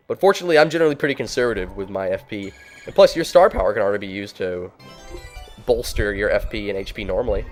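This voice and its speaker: A man giving casual, rambling gameplay commentary as a let's play host, full of "like" and "um" and quick to get excited. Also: mid-range voice. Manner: rambling, lots of "like" and "um", easily excited.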